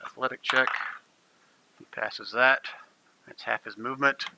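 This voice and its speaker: A man's voice: mid-range voice, steady tone, a little slow, creaky, background noise. A man running a tabletop game as game master, narrating fights with vivid, gleeful detail.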